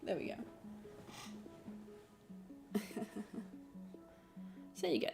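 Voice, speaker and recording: A chatty woman talks through her painting in a loose, giggly livestream way, often repeating herself. She is under the weather and coughs now and then, at a middling pitch, with soft music faint behind her. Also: gravelly. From Australia. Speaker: streamer and artist. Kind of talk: casual livestream chat explaining digital painting.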